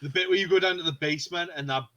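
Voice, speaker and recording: A man in his thirties co-hosting a casual podcast chat, animated and laughing as he tells stories, swearing freely. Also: high voice, very fast, muffled recording. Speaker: podcast co-host.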